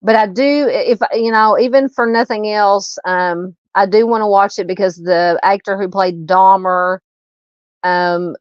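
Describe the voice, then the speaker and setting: This middle-aged Southern woman has a medium-pitched, clean voice with fairly even intonation and a measured pace. She has hiccups while casually hosting a live true crime stream, greeting viewers and reading comments in a rambling manner full of fillers and restarts. The audio is dull with no room sound.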